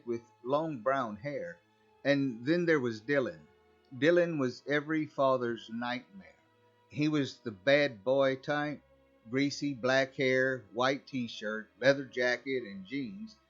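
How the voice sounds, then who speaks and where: A man reading a first-person horror story aloud, in a conversational, wry storytelling manner. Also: mid-range voice. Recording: slightly dull recording, faint music.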